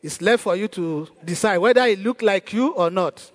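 A man's voice: high-pitched, normal speed, big-room sound. A man preaching a sermon as pastor, asking rhetorical questions and repeating praise to the congregation.

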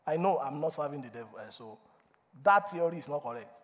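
A man preaching a sermon as a pastor, animated, asking for responses from the congregation and laughing between points. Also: fairly high pitch, fairly quick. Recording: long reverb of a church hall.

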